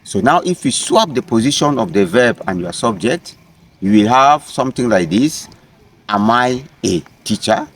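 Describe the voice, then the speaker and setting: A man teaching a French lesson outdoors, explaining slowly and repeating his phrases with frequent hesitations. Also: mid-range voice, animated. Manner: slow, repetitive teaching with frequent fillers. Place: outdoors in nature.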